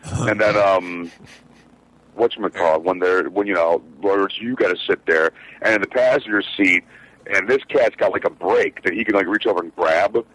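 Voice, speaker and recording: A man's voice: low voice, moderate pace, a bit bright, rough recording. A man who drives trucks, telling a rambling, profane story in casual podcast chat, with lots of fillers. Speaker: truck driver, show regular.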